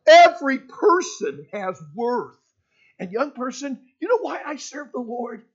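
Man preaching to teens, high husky voice, jumps hushed to loud, muffled lo-fi sound. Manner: animated, swings between hushed and loud. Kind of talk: storytelling sermon to teenagers.

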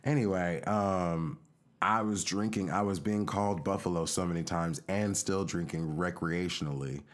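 On a podcast he co-hosts, a low-voiced man tells a long personal story at a moderate pace in casual chat. He's an animated storyteller who acts out the voices of the people in the tale.

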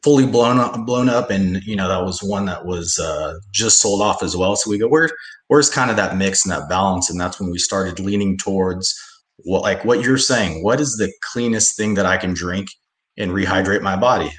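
A man being interviewed as a company founder, halting and full of fillers, speaking over a video call. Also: low voice, roomy sound. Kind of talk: casual interview.

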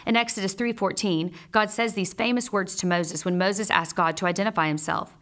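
A woman's voice: medium pitch, fairly even intonation, fairly bright tone. Earnest woman giving devotional teaching. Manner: earnest, measured, personal storytelling. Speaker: Bible teacher; mother.

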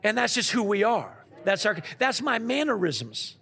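A man preaching a sermon, asking the congregation questions and swinging from loud to quiet. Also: high-pitched, normal speed, vocal fry, breathy edge. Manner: animated preaching with call-and-response questions. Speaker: pastor.

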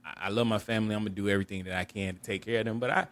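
A man's voice: on the low side, steady tone, rapid-fire, a bit bright, dry recording. A man co-hosting a podcast, candidly telling a personal story in an earnest, reflective way and often restarting and repeating words. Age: adult. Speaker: podcast co-host.

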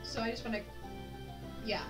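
A woman's voice: on the high side, steady tone, normal speed. A woman playing in a tabletop game, thinking aloud tentatively as she plans her moves. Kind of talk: casual play talk. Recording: distant mic with loud music. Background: loud background music.

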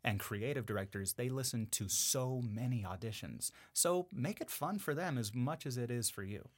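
A man, a voice actor guest on a podcast, talking in a casual, animated way with lots of fillers. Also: mid-range voice, normal speed. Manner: animated, chatty, full of fillers.

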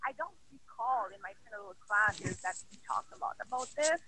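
A woman's voice: medium pitch, expressive, fairly quick, a crowd in the background, poor audio. A woman speaking earnestly as a guest in a casual conversation, hesitant and full of fillers.

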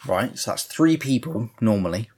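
A man's voice: fairly low pitch, animated, moderate pace, darkish tone, breathy edge. A man recapping a movie in casual chat, rambling and swearing a lot and acting out characters' lines. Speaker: podcast co-host.

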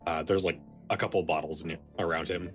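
Low guy running a tabletop game, lots of "like" and "uh", soft music behind. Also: fairly even intonation, brisk. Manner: loose, filler-heavy narration. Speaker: game master.

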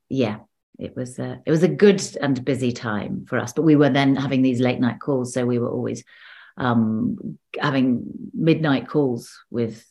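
Woman, low pitch, casual interview chat, video call, chatty with restarts. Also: dark tone. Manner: chatty, restarts often, laughs between stories. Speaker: actor and guest.

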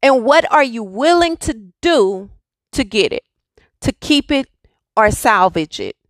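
A woman's voice: fairly high pitch, lively intonation, unhurried, no echo. A woman giving a spiritual pep talk, full of repeated rhetorical questions. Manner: preachy, repetitive rhetorical questions. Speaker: spiritual speaker. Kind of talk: inspirational monologue.

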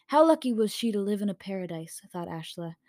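A woman's voice: mid-range voice, animated, fairly quick, a little mellow, no room sound. A woman reading a story aloud in a casual way, with slips and corrections, into a home microphone. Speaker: story reader.

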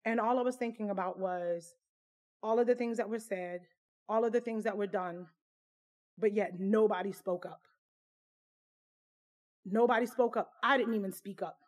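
A woman's voice: medium pitch, normal speed, long pauses, a little mellow. Woman telling a personal story, candid. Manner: candid, conversational, full of fillers.

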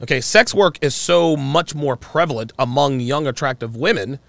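A man's voice: mid-range voice, normal speed, gravelly, fairly bright tone, no room sound. A man hosting a podcast, giving opinionated commentary in a mocking tone and mimicking people he talks about. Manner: mocking, mimics others in exaggerated voices. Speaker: podcast host. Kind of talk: opinionated commentary on a live call-in stream.

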